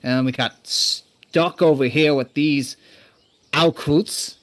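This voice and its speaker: Brief: casual game master, slightly high voice, chatty. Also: male voice, steady tone, slow pace. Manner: casual, chatty narration with fillers. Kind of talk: narrating a tabletop game.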